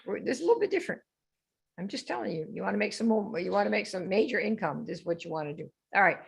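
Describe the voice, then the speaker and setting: A woman's voice: medium pitch, lively intonation, rapid-fire, creaky, slightly rough. Brash woman coaching live on stream. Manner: brash, teasing, quizzes the audience. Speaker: host of a live sales training stream.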